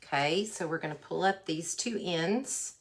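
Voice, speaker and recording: A woman with a Texas accent hosting a casual craft livestream, chatty and folksy, warmly greeting viewers by name as she works. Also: lowish voice, unhurried. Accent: Texan.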